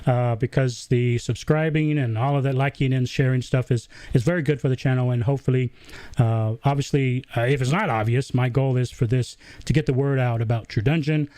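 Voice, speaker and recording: Man, Southern accent, livestream host, casual halting chat, mid pitch, dry room. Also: steady tone, dark tone, dry recording. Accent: Southern American. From American South. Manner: chatty, halting, lots of uh fillers.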